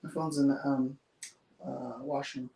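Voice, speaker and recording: A woman's voice: rumbling low, steady tone, a little slow, warm tone. A woman hosting a casual livestream from a bedroom, chatting with viewers and laughing often as she reads their comments. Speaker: livestream host. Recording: roomy sound from a distance.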